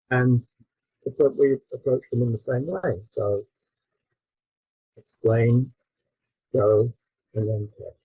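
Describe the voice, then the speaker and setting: Husky, dark-voiced man giving a talk. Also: medium pitch, no room sound, rough recording. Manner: relaxed explaining with fillers and self-corrections. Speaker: textbook author presenting. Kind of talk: conference presentation.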